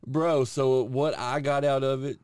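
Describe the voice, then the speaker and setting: A man co-hosting a podcast in casual chat, animated and swearing freely. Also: mid-range voice, unhurried, smooth, no room sound, clean studio sound. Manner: animated, swearing, laughs easily. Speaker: podcast co-host.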